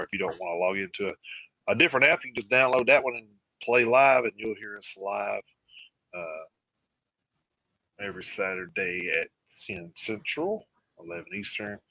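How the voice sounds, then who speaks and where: A man co-hosting a live radio show talks in a low, bright and forceful voice. He pauses often and fills the gaps with "uh" as he reads through lists. The sound is dry and close, with no room echo. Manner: halting, filler-heavy reading of lists. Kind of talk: casual live radio chat.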